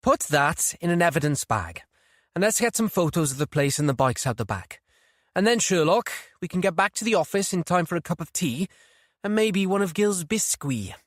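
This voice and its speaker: A man reading an audiobook, voicing a sharp, sardonic female detective sergeant in a raised voice. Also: high voice, lively intonation, normal speed, dry recording, voice pushed up. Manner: dry, teasing.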